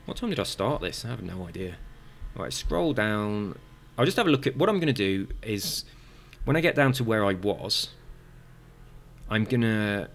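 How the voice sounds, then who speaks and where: A man's voice: on the low side, vocal fry, a little hiss or hum. A man with a very slight lisp, chatting casually through viewer comments and drifting into tangents with lots of fillers and restarts. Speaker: gaming video creator reading viewer comments.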